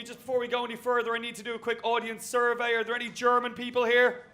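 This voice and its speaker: Irish male comic, very high voice, punchy self-mocking stand-up. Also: monotone, fast, bright, forceful tone. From Ireland. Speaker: stand-up comedian. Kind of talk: stand-up set. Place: comedy venue with live audience.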